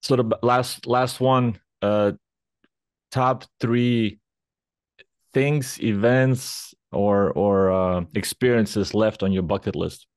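A male podcast host with a low voice, recorded close and dry. He asks questions and responds in a supportive, measured way. He often repeats a word or two before settling into a sentence. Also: dry recording. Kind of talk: interview questions and affirming replies.

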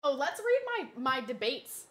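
A woman streaming a game, chatting casually with her audience, reading chat aloud and slipping into animated, mock-indignant rants. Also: high-pitched, unhurried. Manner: chatty, reads chat aloud, laughs easily. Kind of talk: casual live-stream chat while gaming.

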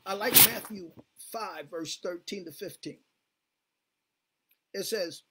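A man's voice: high-pitched, a little slow, long pauses, sharp tone, husky. A man preaching a sermon as pastor, fervent, leading the congregation in call-and-response. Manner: fervent, repeats "glory be to God, hallelujah" with call-and-response.

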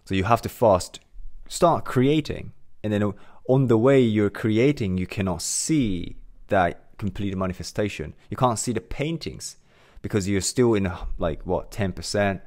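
A man with a very low voice gives a motivational talk as a mindset coach. He speaks earnestly and with emphasis. He circles back on his own phrases and leans on fillers as he builds each point. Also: lively intonation, unhurried, a little mellow.

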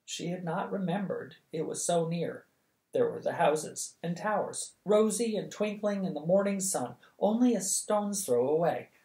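A reader narrating a novel for bedtime at a steady, lively pace. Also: mid-range voice, unhurried. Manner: steady, lively, acts out the dialogue. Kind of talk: audiobook reading of a novel. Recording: echoey room.

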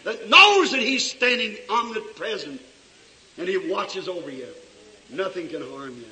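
A male preacher delivering a fiery revival sermon in a church, swinging between shouts and low asides. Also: big pitch swings, unhurried. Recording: echoey hall recorded from far off.

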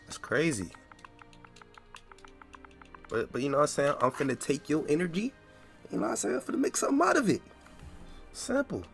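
A young man talks over his gameplay in a higher-than-usual, very lively voice that swoops up and down as he reacts. He sounds incredulous, stammers and repeats phrases, and faint lo-fi music plays underneath. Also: brisk, creaky, long pauses. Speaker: gaming video creator. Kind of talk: casual gameplay commentary.

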